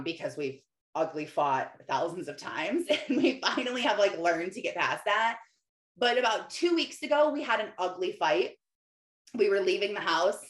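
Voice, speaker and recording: A woman's voice: lowish voice, a bit bright. Chatty woman in a roomy room. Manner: chatty, rambling, lots of "like" fillers. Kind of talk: casual faith-based personal talk. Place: home office. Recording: roomy echo.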